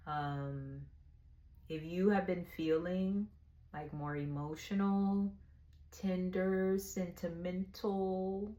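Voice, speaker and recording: A woman's voice: on the low side, takes it slowly, warm tone. A woman giving a casual tarot reading in a frank, slangy way, laughing often. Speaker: tarot reader.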